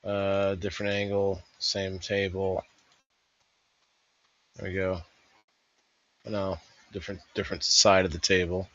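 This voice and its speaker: A man's voice: low voice, flat delivery, unhurried, long pauses, fairly bright tone, muffled recording. A man hosting a casual review, thinking aloud in a rambling voice-over. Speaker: host reviewing a vendor fair.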